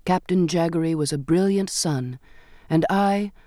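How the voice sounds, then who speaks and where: A man narrating an audiobook in a measured, expressive storytelling manner. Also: a little high, dry recording, studio quality. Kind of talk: scripted narration.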